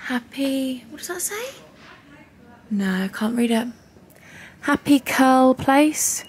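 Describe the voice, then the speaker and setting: A young English woman with a high, expressive, breathy voice talks slowly and pauses often while filming a casual shopping vlog. Inside a large clothing store full of noisy shop ambience, she gushes over the items and calls her viewers huns.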